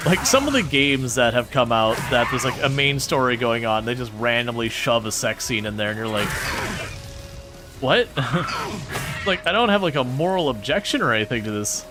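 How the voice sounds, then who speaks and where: A man chatting casually with viewers while streaming a game, sarcastic and animated. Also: medium pitch, a little fast, music in the background. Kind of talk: casual gaming livestream chat.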